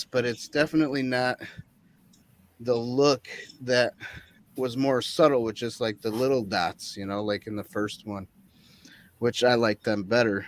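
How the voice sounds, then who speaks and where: A man on a movie review panel, chatting casually in a rambling, hesitant way full of fillers. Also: medium pitch. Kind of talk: casual chat. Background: crickets chirping.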